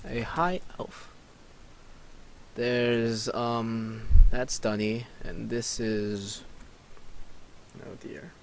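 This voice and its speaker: A man talking through a game in an unhurried, drawn-out way, reading out other players' chat and reacting with puzzled remarks. His voice sits at an ordinary middle pitch, with faint ambient noise behind him. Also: steady tone, creaky. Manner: bemused, reads other players' chat aloud with asides. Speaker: let's player. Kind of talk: casual gameplay commentary reading chat aloud.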